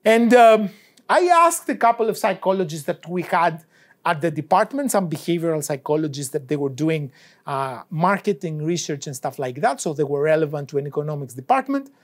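A male university professor lecturing in English, which is not his first language, telling a story in a conversational way. He switches between voices to play out the exchanges, in an unhurried and informal lecture-hall style. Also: a little high, sing-song. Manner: anecdotal storytelling that acts out both sides of dialogues. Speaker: economics professor.

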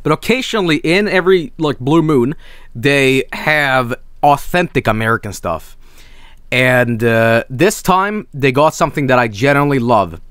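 A man's voice: medium pitch, lively intonation, normal speed, fairly bright tone, clean tone, no echo. A man from Sweden, hosting a casual snack review stream, enthusiastic and rambling, swearing freely. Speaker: streamer host.

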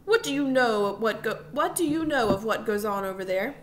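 Lady reading a sad serious dad in a storybook, slow and careful. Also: on the high side, lively intonation, slight background noise, close to an everyday voice. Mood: probing. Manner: measured, grave, slightly sad. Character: stern yet weary father, a commandant.

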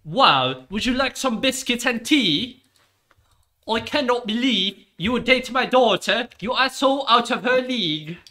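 Mock posh parent done by a man: high, loud, slow, fawning. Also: expressive, heavily acted. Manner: exaggerated, sing-song. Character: gushing posh parent fawning over daughter's boyfriend.

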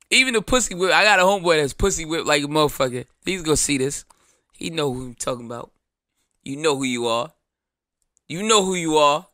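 A man's voice: fairly high pitch, sharp tone, no echo, clean studio sound. A man, hosting his show in a blunt, profane, joking monologue. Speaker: show host. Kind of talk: casual monologue.

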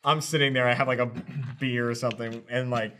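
A man's voice: mid-range voice, fairly even intonation, brisk, sharp tone. A man co-hosting a podcast, rambling through stories and giggling often. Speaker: podcast co-host. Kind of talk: casual chat.

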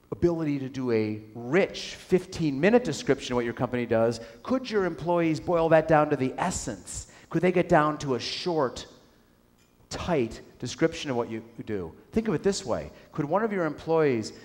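A man's voice: on the high side, big pitch swings, normal speed, a little mellow. A man giving a business keynote speech to a live audience, telling a story and asking the room questions. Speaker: keynote speaker. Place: lecture hall with audience. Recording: reverberant hall.

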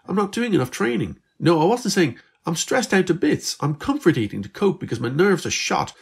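Irish man doing a chatty teen girl, kinda gravelly, earnest and a bit fed up. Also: sits high, sing-song, brisk, voice pushed up, heavily acted. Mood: defensive. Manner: chatty, earnest, slightly exasperated. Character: teenage girl Beth, weary but hopeful.

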